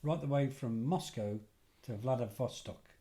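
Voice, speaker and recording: Middle-aged english guy telling stories on a podcast, chatty, keeps fixing his sentences, normal pitch. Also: normal speed. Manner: animated anecdotal storyteller, self-correcting. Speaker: podcast guest, former detective and security head. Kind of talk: casual storytelling.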